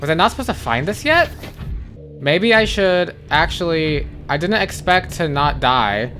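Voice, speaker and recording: A man's voice: fairly high pitch, sing-song, unhurried, bright, forceful tone, soft background music. A man giving blind playthrough commentary on a game, jumpy and swearing, who repeats panicked phrases over and over. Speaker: gaming channel host.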